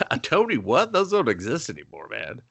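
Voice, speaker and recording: Dude cohosting a movie podcast, bright voice, swears a lot, keeps acting out scenes for laughs. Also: male voice, mid-range voice, huge pitch swings, normal speed, gravelly, husky. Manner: profane, jokey, acts out movie lines. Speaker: podcast co-host. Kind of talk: casual movie review chat.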